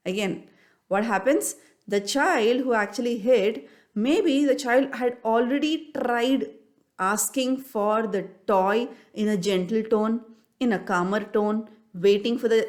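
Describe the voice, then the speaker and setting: A woman speaks to parents as a coach, earnest and full of questions. She often restarts and repeats a phrase as she works through a point. Her voice sits at a middling pitch. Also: darkish tone. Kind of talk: solo talk to parents.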